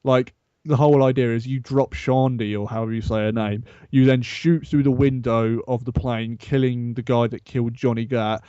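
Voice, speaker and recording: A man appearing as a guest in a casual gaming chat, talking in a relaxed, easygoing way. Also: mid-range voice, normal speed, few pauses, dry recording. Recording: dry, dull lo-fi recording.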